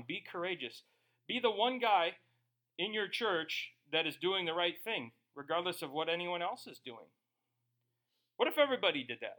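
A male pastor preaching a sermon, reading scripture slowly and then talking casually with asides. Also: fairly high pitch, bright, forceful tone. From Germany.

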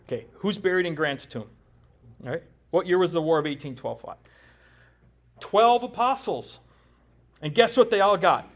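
A pastor from the United States preaching a sermon in a conversational style, with joking asides and frequent rhetorical questions to the congregation. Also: male voice, sits high, lively intonation, normal speed, long pauses.

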